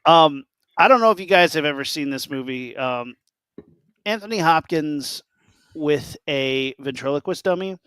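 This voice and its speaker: A man's voice: fairly high pitch, normal speed, smooth, dry recording. A man co-hosting a casual podcast chat, telling stories with lots of fillers and restarts. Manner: excited storytelling, many fillers and restarts. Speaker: podcast co-host.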